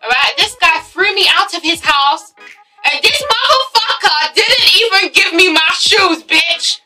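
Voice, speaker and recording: Young woman from Ghana, high voice, very bright tone, animated storytelling, swears a lot, faint music behind. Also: measured pace, poor audio. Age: young adult. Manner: animated, swearing, addresses viewers as guys. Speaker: vlogger. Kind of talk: storytime vlog.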